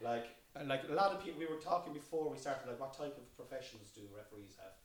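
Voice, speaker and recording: A man's voice: medium pitch, expressive, quick pace. A man as a podcast guest, talking earnestly and thinking aloud in casual chat.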